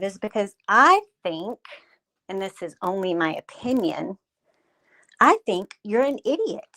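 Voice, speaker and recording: A woman's voice: medium pitch, fairly bright tone, poor audio. A woman hosting a commentary livestream, speaking with sarcastic, mocking scorn aimed directly at a rival. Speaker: livestream host. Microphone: streaming mic.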